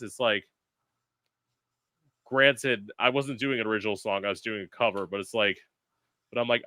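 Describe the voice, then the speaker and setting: A male podcast host chatting casually, telling animated stories and swearing freely. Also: fairly low pitch, normal speed, long pauses, no room sound. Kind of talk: casual chat.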